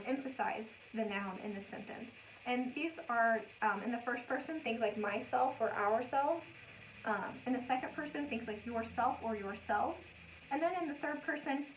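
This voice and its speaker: A young woman teaching a casual lesson, talking through examples with frequent ums. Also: on the high side. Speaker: educator. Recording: slightly distant mic, faint noise.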